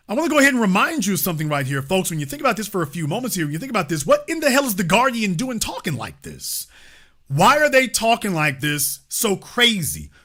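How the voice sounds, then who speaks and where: Animated, bright-voiced man ranting emphatically. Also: high voice. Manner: emphatic, rhetorical questions, drawn-out stresses, swearing. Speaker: host of a political commentary show. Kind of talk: impassioned political commentary.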